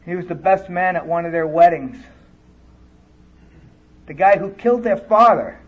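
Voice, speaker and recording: High-voiced man telling his recovery story. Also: expressive, normal speed. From California. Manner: earnest, candid storytelling with plain speech. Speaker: recovery speaker. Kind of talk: personal recovery talk. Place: conference hall, live audience. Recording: dull lo-fi tape recording.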